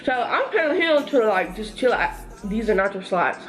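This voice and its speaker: A young woman vlogger casually telling a storytime to her viewers while getting ready, chatty and animated. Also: a little high, moderate pace, faint music behind.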